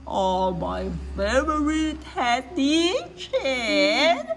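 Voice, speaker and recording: A woman voicing a big, hungry, greedy male bear in a deep booming voice, bossy and selfish, for a storybook read-aloud. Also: very animated, very slow, a little hiss or hum, heavily acted.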